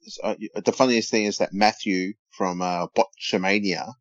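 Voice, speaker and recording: Laid-back low-voiced man on a dull podcast. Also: steady tone, normal speed, dry recording. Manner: laid-back, hesitant, many ums and short agreements. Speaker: podcast co-host. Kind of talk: casual watch-along chat.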